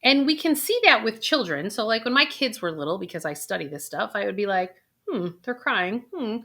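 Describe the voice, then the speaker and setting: A middle-aged woman, a financial planner, hosting a vlog and coaxing viewers through a guided emotional exercise, energetic in places and slow and soft on repeated affirmations. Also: medium pitch. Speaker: financial planner and video host.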